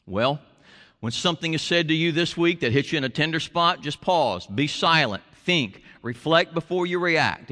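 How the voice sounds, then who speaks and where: Male pastor, slow deliberate sermon delivery, bright and animated, in a reverberant church. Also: on the high side. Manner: emphatic, stretches words for effect, leads the congregation in repeating phrases.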